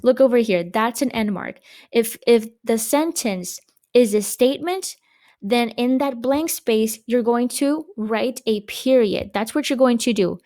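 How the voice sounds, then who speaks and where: A woman teacher records a grammar lesson for her young students. Her voice sits a little high, and she explains each point patiently, posing questions and answering them herself. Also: unhurried, dark tone.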